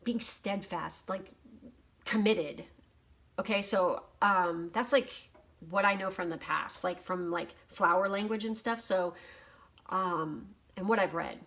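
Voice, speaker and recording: A tarot reader in her home office does a casual reading for her channel, reading aloud from a guidebook and reacting freely with swearing and emotion. Her voice is mid-range and fairly bright, and she speaks slowly.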